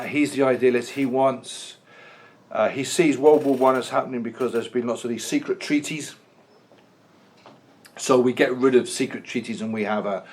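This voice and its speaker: A man's voice: medium pitch, darkish tone, slightly rough. A man teaching a history lesson in a chatty, jokey way, often restarting his sentences. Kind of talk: classroom lecture.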